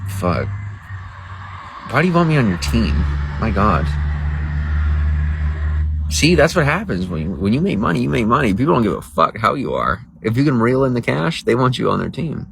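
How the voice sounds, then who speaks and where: A man's voice: medium pitch, big pitch swings, normal speed, vocal fry, long pauses, fairly bright tone, a little hiss or hum, rough recording. A man livestreaming to viewers in casual talk, crude, boastful and rambling. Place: outdoors by a road.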